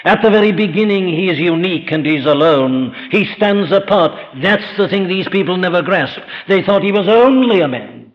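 A man preaching a sermon with emphatic delivery, firing rhetorical questions and slowing right down on key phrases. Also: high voice, lively intonation. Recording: dull lo-fi recording.

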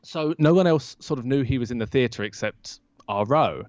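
A man, a podcast guest and author, telling an anecdote in an interview and acting out the quoted lines with lively jumps in his voice. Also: mid-range voice, moderate pace, no room sound. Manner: lively storyteller who acts out quoted lines. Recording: dull lo-fi dry sound.

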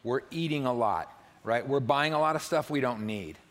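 A man's voice: medium pitch, animated, normal speed, a bit bright. Joking, chatty male preacher. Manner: conversational and humorous, often asks the listeners "right?". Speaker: pastor. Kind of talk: sermon. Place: church.

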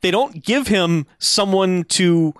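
A man's voice: sits high, expressive, slow pace, a bit bright, dry recording, clean studio sound. A man co-hosting a casual podcast, sarcastic and laughing as he mocks movie tropes. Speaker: podcast co-host. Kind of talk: casual movie recap chat.

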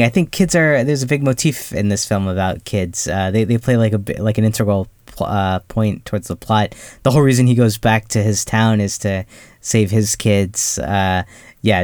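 A man with a fairly low voice talks over a film on a podcast. He sounds hesitant and keeps restarting his sentences. The recording is dry and close. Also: normal speed, darkish tone, dry recording. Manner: hesitant, many fillers and restarts, laughs easily. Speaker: podcast co-host. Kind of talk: casual film discussion.

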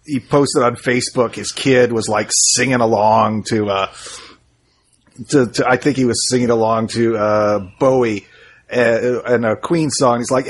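Husky-voiced man chatting casually. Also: medium pitch, fairly even intonation, normal speed. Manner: storytelling, laughs often, restarts phrases. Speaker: podcast co-host. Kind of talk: casual movie review chat.

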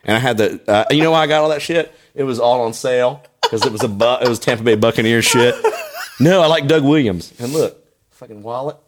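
A man's voice: mid-range voice, fairly quick, crowd noise. A middle-aged man co-hosting a podcast, swearing freely and telling funny stories while laughing a lot. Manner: profane, storytelling, laughs often. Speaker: podcast co-host. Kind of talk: casual comedic chat over beer tasting.

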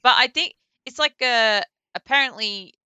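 A young woman with an Australian accent talks in a loose, easygoing way, laughing between phrases. Her voice is bright and smooth. The sound is close and dry. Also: fairly high pitch, moderate pace, no echo. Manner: laughs often, relaxed, many fillers. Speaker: interview guest. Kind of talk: casual interview chat.

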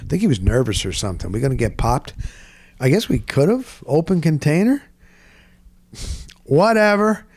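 Guy in his middle years telling a story, lots of "boom", kinda high voice, dry studio sound. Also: moderate pace, pauses often, dry recording. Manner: animated, punctuates with "boom". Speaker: sports radio co-host. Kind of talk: casual storytelling.

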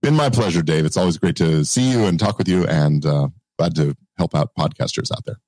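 Deep-voiced male guest, distorted audio. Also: dry recording. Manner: relaxed, measured, speaks with some hesitation. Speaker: guest, entertainment lawyer. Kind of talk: podcast interview answers.

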